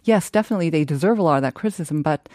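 A thoughtful woman talking through a topic in a relaxed discussion. Her voice sits a little low and sounds close and dry. She pauses often and picks her words with care. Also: dry recording. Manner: thoughtful, measured, frequent fillers. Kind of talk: casual discussion.

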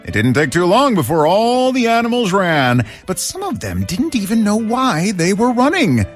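A man narrating a children's story in an animated storytelling manner. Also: sits high, normal speed, faint music behind.

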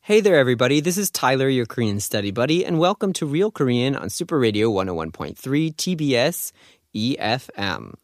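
A man's voice: mid-range voice, big pitch swings, brisk, no room sound, studio quality, soft background music. Upbeat, chatty man teaching on radio. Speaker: radio host and Korean teacher. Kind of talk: radio language lesson. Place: radio studio.

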